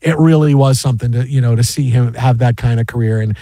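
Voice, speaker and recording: A man hosting a sports radio show from a studio, telling a story in an animated way, acting out quotes and laughing often. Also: medium pitch, fast talker, no echo. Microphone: studio microphone.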